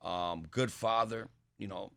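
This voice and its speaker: A middle-aged man, a boxer's father and trainer, telling stories in an animated way and acting out the voices of the people in them. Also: fairly low pitch, slow pace, gravelly, no room sound. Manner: lively, acts out what people said in raised voices. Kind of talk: animated storytelling in a chat.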